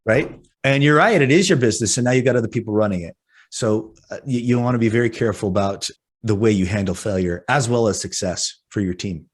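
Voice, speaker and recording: A man's voice: fairly low pitch, fast talker. A man in his forties, co-hosting a casual podcast. He tells stories with energy and acts out his own panicked lines. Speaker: podcast co-host.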